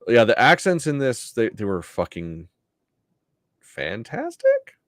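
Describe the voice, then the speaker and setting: A man with a low voice that swings widely in pitch, co-hosting a horror podcast in loose, casual chat. He swears freely and laughs often, and the sound is dry and close to the mic. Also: big pitch swings, moderate pace, fairly bright tone, dry recording. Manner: laid-back, swears a lot, laughs often. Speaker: podcast co-host.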